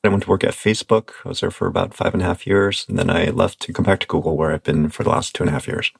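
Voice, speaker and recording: Man, forties, interview guest, deep, husky, dry close sound. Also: steady tone, quick pace, dry recording. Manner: matter-of-fact listing. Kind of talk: interview answer.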